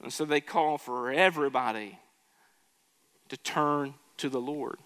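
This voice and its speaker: A man's voice: mid-range voice, measured pace, fairly bright tone, clear, resonant tone, in a large hall. A man preaching a sermon in earnest, building to emphatic swells and often restarting his phrases. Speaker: pastor.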